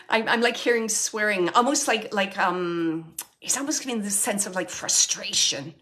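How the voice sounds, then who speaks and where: A woman hosting a live mediumship reading, who speaks tentatively with many fillers and restarts and often sinks to a soft murmur. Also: mid-range voice, moderate pace, hardly any pauses. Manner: often drops to a soft, near-whispered murmur. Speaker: psychic medium host.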